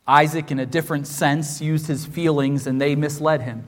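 A high-pitched male pastor delivers a sermon with emphatic repetition, dropping to near-hushed lines and then climbing to loud, raised declarations. His voice rings through a church sanctuary with a long, trailing hall reverb. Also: fairly even intonation, moderate pace. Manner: emphatic preaching, repeats phrases, swings from hushed to loud.

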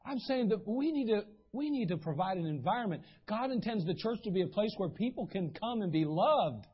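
A man's voice: sits high, lively intonation, brisk, slightly rough, muffled recording. A man preaching a sermon as pastor, telling stories in a folksy way and acting out the voices of people he quotes. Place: church sanctuary.

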